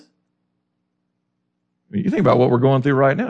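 A man's voice: medium pitch, animated, a little slow, gravelly, a little mellow, husky, muffled recording. A man preaching a sermon, teaching through a Bible passage with emphatic rhetorical questions.

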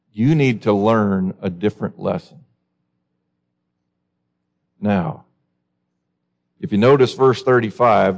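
A man preaching a sermon with passion, climbing to high, emphatic peaks when he quotes scripture and pressing his listeners with direct questions. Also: gravelly. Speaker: pastor.

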